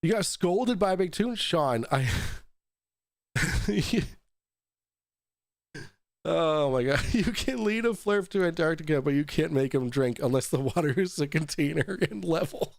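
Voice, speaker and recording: A male host launches into a profane, mocking rant, a little tipsy from the shots he keeps taking. His pitch sits a touch high and leaps about animatedly. The sound is dry and close, with no room around it. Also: expressive, unhurried, vocal fry, pauses often, no room sound. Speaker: talk show host. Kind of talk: ranting commentary.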